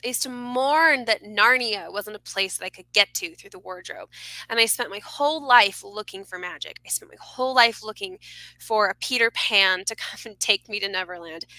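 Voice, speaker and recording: A woman speaking as a podcast guest, earnest and expressive, laughing often as she talks about mystical experiences. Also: mid-range voice, no echo, rough recording. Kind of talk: casual conversation.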